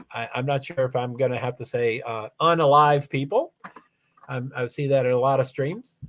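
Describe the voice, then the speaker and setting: A man's voice: mid-range voice, moderate pace. A man streaming live and answering chat in a rambling, self-correcting way, full of fillers. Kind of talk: casual livestream chat.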